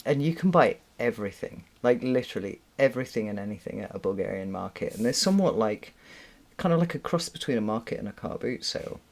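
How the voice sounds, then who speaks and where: A woman's voice: extremely low pitch, expressive, fast talker, darkish tone. Chatty British woman, laughing often. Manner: chatty and rambling, laughs often, swears freely. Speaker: tarot reader hosting a live stream. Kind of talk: casual live-stream chat. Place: room at home with a window.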